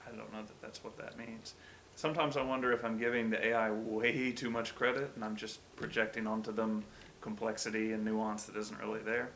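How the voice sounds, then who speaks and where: A man's voice: on the low side, a bit bright, a little hiss or hum. A man giving gameplay commentary as a let's-play host, musing wryly and yelping when startled. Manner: wry, self-deprecating musing with sudden startled yelps.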